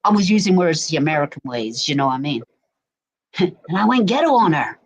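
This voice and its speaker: Her voice sits low and swings widely in pitch as she talks fairly quickly. She's an English woman from Berkshire chatting casually as a guest on a home live stream, full of stories and "do you know what I mean", with no external mic plugged in.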